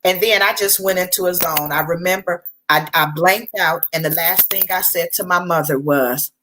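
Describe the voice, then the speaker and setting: A woman's voice: fairly low pitch, fairly even intonation, moderate pace, bright, forceful tone, slight background noise, poor audio. A middle-aged woman recounting a personal story as a panel guest, earnest and conversational. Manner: earnest, conversational, with restarts and colloquial speech.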